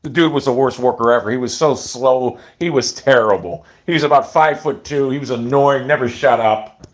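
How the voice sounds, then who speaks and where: A man's voice: mid-range voice, fairly quick. A man telling stories in a casual, rambling monologue, blunt and profane, with many restarts. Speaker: storyteller.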